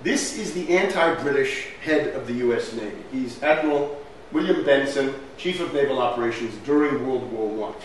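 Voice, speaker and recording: Here the lecturer sounds animated, with a mid-range voice, a moderate pace and barely a pause. He delivers a slide-based history talk emphatically, tossing out rhetorical questions and frequent "right?"s. The distant recording picks up heavy hall echo and a faint hum.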